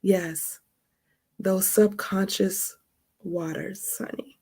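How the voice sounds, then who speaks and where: A woman's voice: medium pitch, fairly even intonation, very slow, darkish tone, breathy edge. A woman from Baltimore with a Baltimore accent touched by Texas, hosting a podcast in a casual, chatty monologue, calling listeners honey and y'all. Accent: Baltimore with some Texas. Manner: laughs often mid-sentence. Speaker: podcast host.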